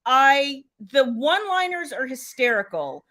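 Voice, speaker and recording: A middle-aged woman hosting a casual live stream, telling animated stories and acting out what people said. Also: sits high, measured pace. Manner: animated storyteller, acts out quotes. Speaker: host, romance author.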